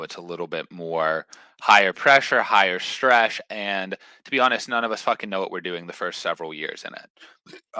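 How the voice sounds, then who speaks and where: A man's voice: lowish voice, pushed and bright, no echo, poor audio. A young man talking bluntly and confidently in a casual podcast chat, swearing freely. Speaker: podcast guest.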